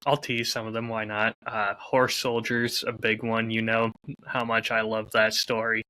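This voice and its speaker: A man with a mid-range voice and a bright, forceful tone, recorded close and dry with no room sound. He speaks earnestly and hesitantly in casual podcast chat, often pausing to find his words. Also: fairly low pitch, completely flat delivery, dry recording. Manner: hesitant, lots of ums and restarts, earnest. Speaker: podcast co-host.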